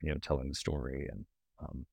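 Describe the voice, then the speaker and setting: Man from Alabama, film director, very low voice, thoughtful, halting, dry sound. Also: fairly even intonation, gravelly, a little mellow, dry recording. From Birmingham, Alabama. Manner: thoughtful, halting, restarts often. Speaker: documentary director. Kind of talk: casual interview talk.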